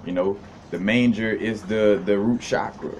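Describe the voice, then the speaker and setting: A man's voice: on the low side, fairly even intonation, moderate pace, darkish tone, slight background noise. A man hosting a casual unscripted video monologue, explaining ideas in a meandering, loose way.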